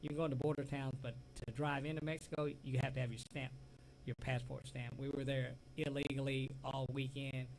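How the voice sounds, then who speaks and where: A man's voice: mid-range voice, flat delivery, a little fast, gravelly, darkish tone, a little hiss or hum, rough recording. A man with a Southern US accent co-hosting a casual talk show, telling rambling stories and often trailing off. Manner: rambling storyteller, laughs easily, trails off mid-sentence. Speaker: co-host. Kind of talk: casual chat.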